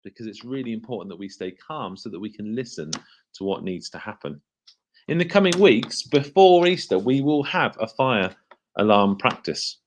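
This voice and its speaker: A man leading a school assembly for children, speaking in a lively, questioning way and slowing down to stress key words. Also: lowish voice, a little hiss or hum.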